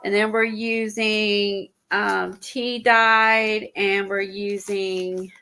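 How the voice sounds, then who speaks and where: A woman chatting casually on an art livestream, a little out of breath and stuffy, rambling with halting fillers and restarts. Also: medium pitch, little pitch movement, sharp tone, soft background music. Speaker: guest showing art supplies.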